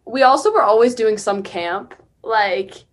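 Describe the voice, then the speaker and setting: A woman's voice: on the high side, a little slow. A young woman guest on a podcast, reminiscing casually with lots of "like"s. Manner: relaxed reminiscing, many fillers like "like". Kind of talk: casual chat.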